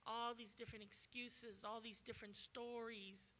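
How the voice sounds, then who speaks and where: A woman preaching a sermon as a guest speaker at a church, animated and acting out the voices of people in the story. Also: a little high, moderate pace, a little hiss or hum. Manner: animated, acts out voices in quoted dialogue.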